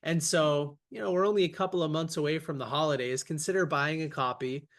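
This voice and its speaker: This is an upbeat young man hosting a podcast, his voice a touch higher than most men's. He talks with enthusiasm over a video call and tells his stories with energy. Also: steady tone, a little fast, a bit bright. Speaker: podcast host. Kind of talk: casual podcast interview.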